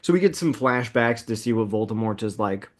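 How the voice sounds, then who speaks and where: A man in his thirties co-hosting a casual movie podcast, upbeat and laughing often as he recaps the plot at a quick clip. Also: fairly low pitch, lively intonation. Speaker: podcast co-host.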